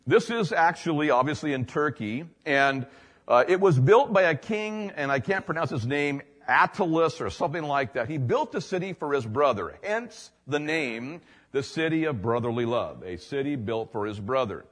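A man's voice: fairly high pitch, expressive, moderate pace, a bit bright. A male pastor telling a story in a sermon, chatty and conversational with lots of fillers. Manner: conversational, filler-heavy, tells anecdotes.

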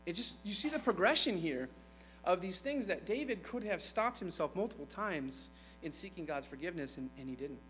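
A man's voice: high voice, expressive, fairly quick, a bit bright, faint music behind, rough recording. A man preaching a sermon in a conversational way, retelling scripture with playful asides.

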